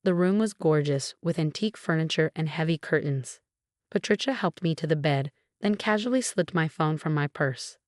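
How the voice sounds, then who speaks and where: A woman's voice: deep voice, normal speed, no room sound, clean studio sound. A woman narrating a dramatic first-person story.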